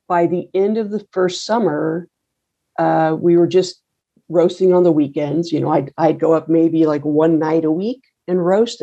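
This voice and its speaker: A woman's voice: low-pitched, dark tone, muffled recording. A middle-aged woman in a casual interview, telling her story in a rambling, wry way with many fillers and restarts. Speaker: coffee roaster and business owner.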